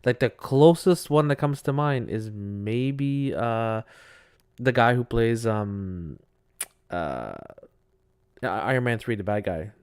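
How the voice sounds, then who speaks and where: A man in casual chat, making quick comments and laughing easily. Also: mid-range voice, lively intonation, clear, resonant tone, no echo, clean studio sound.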